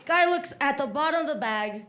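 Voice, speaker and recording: A woman's voice: high-pitched, moderate pace. A woman from South Texas, telling stories on a comedy stage and acting out the people in them. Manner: animated, acts out voices. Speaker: stand-up comedian. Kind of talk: stand-up storytelling. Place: comedy stage before a live audience. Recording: live club audience, faint noise. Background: audience laughter.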